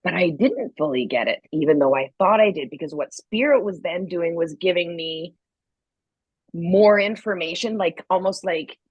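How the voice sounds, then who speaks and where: A woman's voice: on the low side, moderate pace, breathy edge, no room sound, highs cut off. A woman co-hosting a podcast, telling a story candidly and acting out what people said, with a slight cold. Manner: candid, animated storytelling with acted-out quotes. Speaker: podcast co-host. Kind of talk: casual chat.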